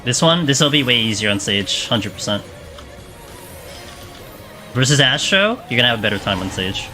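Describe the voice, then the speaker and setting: A man's voice: medium pitch, sing-song, moderate pace, pushed and bright, soft background music. A young man streaming a game live, chatting casually and answering viewer questions with lots of fillers. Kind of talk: live gameplay commentary.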